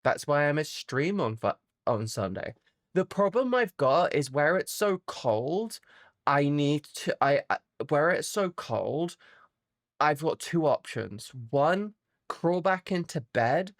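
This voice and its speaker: A woman streamer chatting casually with her viewers from home, rambling, animated and sweary. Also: deep voice, takes it slowly, dry recording, clean studio sound. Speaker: VTuber streamer. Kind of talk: casual chat with live chat viewers.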